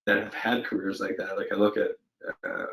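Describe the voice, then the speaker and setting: Thoughtful man with a low voice. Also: level tone, a little fast, a bit bright, low-quality recording. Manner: thoughtful, hesitant, many fillers and restarts. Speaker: actor guest. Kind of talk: casual interview over video call. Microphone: home setup during lockdown.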